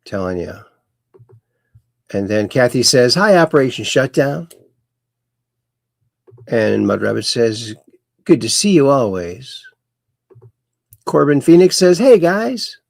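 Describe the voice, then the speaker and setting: A man's voice: medium pitch, lively intonation, takes it slowly, creaky, long pauses, no room sound, studio quality. A man hosting a casual livestream, rambling and reading viewer comments aloud. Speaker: host.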